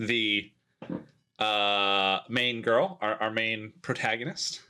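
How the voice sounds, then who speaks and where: A man from Montana co-hosting a podcast, chatting casually with an animated, stumbling delivery and frequent laughs. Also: on the low side, slow pace, smooth. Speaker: podcast co-host. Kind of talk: casual chat.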